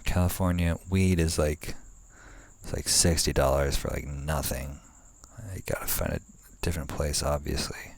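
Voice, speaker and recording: Low, gravelly laid-back guy rambling. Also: fairly even intonation, normal speed, dry recording. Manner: meandering, frequent fillers and restarts; laid-back, swears casually. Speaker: vlogger. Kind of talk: rambling casual monologue. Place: outdoors by a tent at night.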